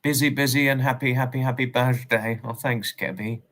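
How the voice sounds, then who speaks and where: English male livestream host, mid-pitched, rambling and repetitive, politely formal with viewers. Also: fairly even intonation, normal speed, fairly bright tone. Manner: rambling, repeats himself, polite and formal phrasing. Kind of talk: casual livestream chat, greeting viewers and reading messages.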